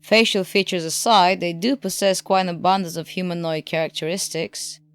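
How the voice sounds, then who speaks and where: A male audiobook narrator voicing a sharp, skeptical female Time Lord who talks dryly and with sarcasm, her voice raised well above his own. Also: sits high, steady tone, normal speed, clear, resonant tone, voice pushed up. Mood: suspicious. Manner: dry and sarcastic.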